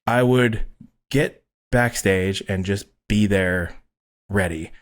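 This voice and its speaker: A man guest on a podcast, telling a story casually, swearing a lot and acting out quotes loudly. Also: fairly low pitch, slow pace. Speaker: podcast guest, pro bodybuilder.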